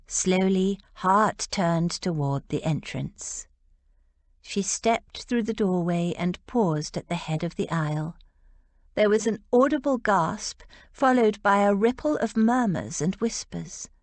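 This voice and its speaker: A woman reads a historical romance audiobook slowly and deliberately. Her pitch rises and falls freely as she narrates, and the sound is close and dry. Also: no echo.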